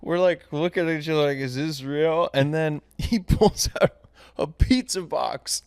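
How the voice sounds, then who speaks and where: A man with a smooth, clean voice, heard close and dry with no room sound. He co-hosts a casual podcast and tells loose, rambling stories, often laughing through them. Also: fairly high pitch, moderate pace, a little mellow, no room sound. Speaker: podcast co-host. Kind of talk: casual chat.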